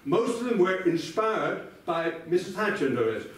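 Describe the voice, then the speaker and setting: A man's voice: high-pitched, sing-song, normal speed. An older man giving a sardonic debate speech, addressing his opponent directly by name. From Ireland. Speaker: debate speaker. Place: large debating chamber indoors. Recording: echoey hall, voice from far off.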